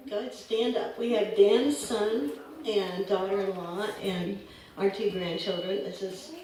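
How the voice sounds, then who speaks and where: Woman welcoming guests in an echoey church. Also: mid-range voice. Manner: warm, hesitant, many ums, chuckling. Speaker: congregation treasurer welcoming guests. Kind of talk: casual welcome announcements. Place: church sanctuary. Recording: echoey hall from far off, background noise.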